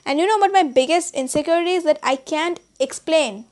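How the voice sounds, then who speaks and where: A woman whose first language is Bengali, chatting casually in a vlog with halting, hesitant speech full of restarts and fillers. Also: high-pitched, a little mellow. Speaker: channel host.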